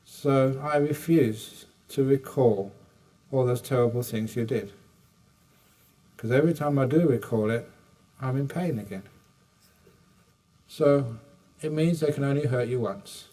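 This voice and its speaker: A man's voice: medium pitch, measured pace, pauses often, warm tone. An older man gives a dharma talk in a retreat hall. He takes questions with humor and acts out little dialogues. The mic sits some distance from him, so his voice sounds a bit far off. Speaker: meditation teacher.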